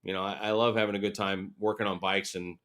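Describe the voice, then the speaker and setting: Talking fast in a deep voice, the man in his forties animatedly recounts stories as an interview-show guest, laughing and performing what others said.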